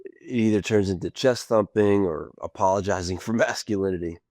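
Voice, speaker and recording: A man hosting a podcast, offering brief affirmations and asking measured interview questions. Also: on the low side, a little mellow, no room sound, clean studio sound. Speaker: podcast host.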